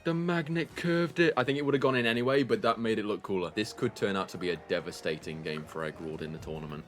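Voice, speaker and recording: Host, man with a lowish voice, lively game commentary, faint music under it. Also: rapid-fire. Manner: animated, laughs often, shouts at big plays. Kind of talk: excited live commentary among friends.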